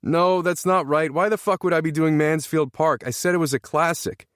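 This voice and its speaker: A man's voice: on the high side, big pitch swings, moderate pace, no room sound, studio quality, voice pushed up. A man voicing an exasperated teenage boy who curses at his teammates in a raised voice. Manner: exasperated, cursing.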